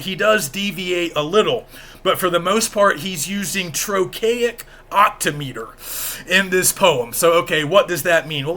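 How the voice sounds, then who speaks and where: A man's voice: sits high, sharp tone. A man giving a recorded lecture, explaining in a plain, patient way and checking in with the listener as he goes. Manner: explanatory, plain-spoken, checks in with "okay?" and "right?".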